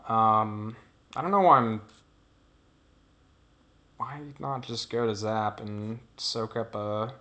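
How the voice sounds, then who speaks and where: A man's voice: on the low side, takes it slowly, pauses often, sharp tone. A man narrates his own gameplay in a loose, casual way. He wanders between thoughts and lets sentences trail off. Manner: rambling, digressive, trails off. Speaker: gameplay commentator. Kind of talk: casual commentary over gameplay.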